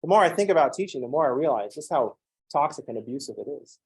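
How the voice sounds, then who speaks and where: A man giving a math lecture, joking with sarcastic asides and acting out students in quick voices. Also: a little high, animated, a little mellow, low-quality recording. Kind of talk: recorded classroom lecture.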